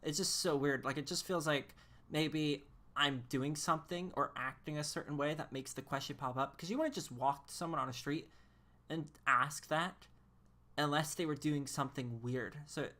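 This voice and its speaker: A woman's voice: sits low, moderate pace, fairly bright tone. A woman streaming a game, chatting casually in a rambling, incredulous way and laughing often. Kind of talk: casual live-stream chat.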